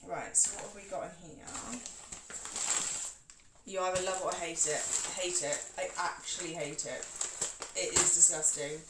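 A cooking streamer chats with her live-stream viewers while making food at home, poking fun at herself as she moves around the kitchen. Her voice is fairly low and fairly even, a little slow, with long pauses. She's far from the mic in a roomy kitchen, with background noise.

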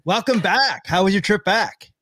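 A man's voice: high-pitched, lively intonation, moderate pace, bright, forceful tone, no room sound. A man hosting a livestreamed podcast, chatty and upbeat, laughing often. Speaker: podcast host. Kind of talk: casual chat.

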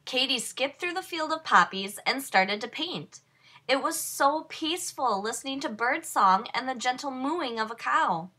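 A woman reading a children's picture book aloud in slow, expressive storytelling. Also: high voice, husky. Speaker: storybook reader. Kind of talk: children's read-aloud narration.

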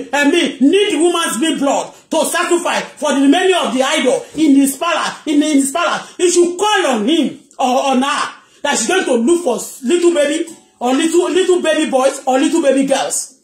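Emphatic Nigerian woman, high voice. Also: animated, brisk, hardly any pauses, roomy sound. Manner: emphatic, repetitive, keeps asking "you understand?". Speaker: celebrity gossip vlogger. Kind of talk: heated commentary.

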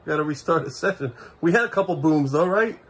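A man's voice: on the high side, lively intonation, brisk, a bit bright, slight background noise. A man in his thirties at home filming a casual family vlog, coaxing his small children playfully and muttering asides. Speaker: father filming his kids.

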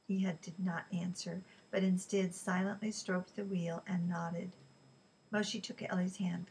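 A woman reading a novel aloud in an even, unhurried way, with small slips she corrects. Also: fairly low pitch, gravelly, a little hiss or hum, low-quality recording. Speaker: reader.

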